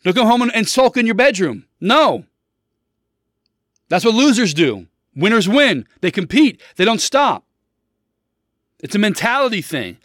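A man's voice: high-pitched, big pitch swings, unhurried, long pauses, a bit bright, no echo, studio quality. A man in his thirties hosting a casual solo podcast, blunt and preachy, hammering his points home by repeating them. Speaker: podcast host.

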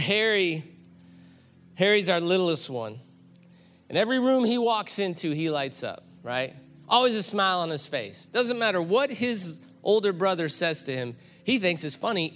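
A middle-aged man pastor preaching a sermon, telling a story that builds to loud, animated peaks. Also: on the high side.

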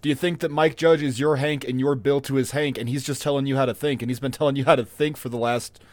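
A man co-hosting a podcast in casual chat, animated and swearing, slipping into mocking voices. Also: fast talker, no room sound. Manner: animated, swearing, mimics customers in a high voice. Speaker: podcast co-host.

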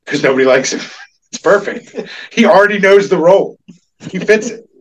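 A man chatting as a podcast host, his voice a touch high and lively. He laughs often and restarts sentences as he goes. He sits a little back from the microphone. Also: normal speed, distant mic, dull audio, slight background noise. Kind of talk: casual chat.

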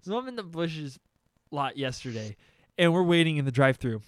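A man's voice: on the high side, fairly quick. A young man telling a story in casual chat, swearing freely and acting out what people said. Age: young adult. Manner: animated, swearing, acting out quotes.

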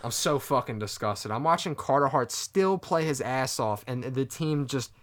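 A man's voice: medium pitch, animated, normal speed. Frustrated man ranting about his team. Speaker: podcast co-host. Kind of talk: casual sports podcast chat.

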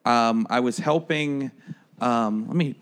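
A man's voice: medium pitch, slow pace. A man co-hosting a podcast in casual chat, rambling a bit as he tells a bar story. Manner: chatty, rambling with fillers. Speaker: podcast co-host.

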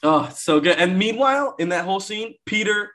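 Excitable guy talking movies, laughs a ton, voice jumps all over. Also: high-pitched, fairly quick, a little hiss or hum. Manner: excitable, laughs often, swears, acts out quotes. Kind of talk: casual chat about a film.

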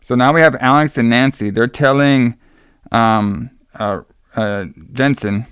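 A man's voice: mid-range voice, measured pace, fairly bright tone, clear, resonant tone, no room sound, studio quality. A man co-hosting a podcast, rambling casually as he retells a film's plot with loose, profane asides. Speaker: podcast co-host recapping a film. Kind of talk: casual chat.

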